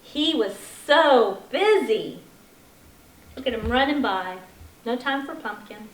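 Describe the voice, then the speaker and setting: A woman's voice: on the high side, animated, takes it slowly. A woman at a children's library story time, reading a picture book aloud in a sing-song voice and asking the children questions. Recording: echoey library room.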